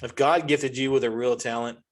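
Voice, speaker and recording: Ranting forty-something comic. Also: male voice, brisk. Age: 40s. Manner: ranting, animated, jumps to high-pitched outbursts. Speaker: comedy podcast host. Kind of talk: casual comedic monologue.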